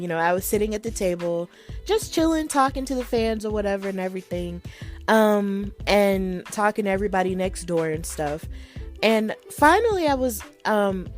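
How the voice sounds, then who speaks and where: A woman podcast host, chatty and excitable, telling a story in a casual solo talk with lots of likes and ums. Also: medium pitch. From Alabama, USA.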